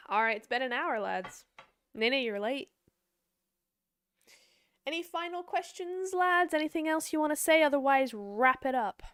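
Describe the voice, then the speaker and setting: A young woman casually chatting with her livestream chat as an esports caster and analyst, bubbly and quick to laugh. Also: high voice, fairly bright tone, smooth, dry recording.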